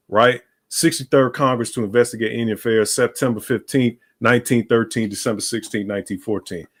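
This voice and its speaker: Man hosting a stream panel, blunt and profane, rambles on. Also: medium pitch. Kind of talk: heated casual stream chat.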